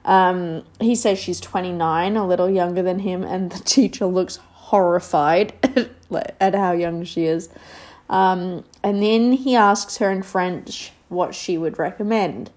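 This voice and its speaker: A woman's voice: fairly low pitch, unhurried, darkish tone. A woman casually recapping a reality show, rambling and sarcastic, with lots of fillers.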